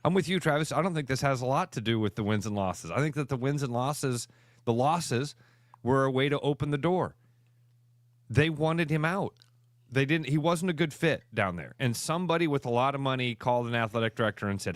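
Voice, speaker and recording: A fired-up male sports talk radio co-host, punching his words and repeating them for emphasis. He speaks at an ordinary middle pitch, and his voice sits close to the mic in a dry, dead studio with no room echo. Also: expressive, a little fast. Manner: emphatic, heated ranting.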